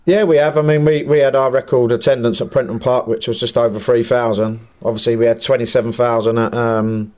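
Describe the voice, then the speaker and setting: Plain-spoken English man, mid-pitched. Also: little pitch movement, a little fast, hardly any pauses, darkish tone. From England. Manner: plain-spoken, many fillers like "yeah, no". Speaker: football manager guest. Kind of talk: casual chat.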